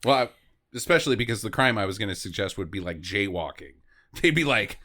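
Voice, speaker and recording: A man's voice: lowish voice, animated, fairly quick, pushed and bright. A man co-hosting a comedy movie podcast, riffing loosely, laughing often and slipping into silly voices. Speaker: podcast co-host.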